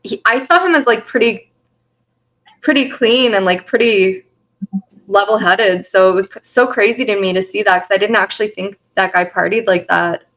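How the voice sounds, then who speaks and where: A woman's voice: mid-range voice, normal speed, a bit bright. A woman co-hosting a casual celebrity gossip chat, eager, with restarts and fillers as she talks. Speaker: co-host.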